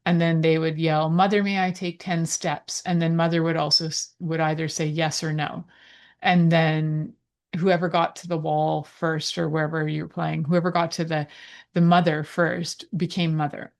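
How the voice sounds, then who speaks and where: A woman hosting a podcast, giving advice in a chatty, playful way with rambling asides. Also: sits low. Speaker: podcast host. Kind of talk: casual advice talk.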